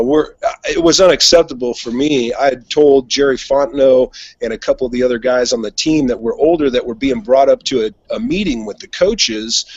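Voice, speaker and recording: A man's voice: mid-range voice, no echo. Blunt, profane man storyteller. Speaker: podcast host telling a story. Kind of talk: casual storytelling. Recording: dull dry lo-fi sound.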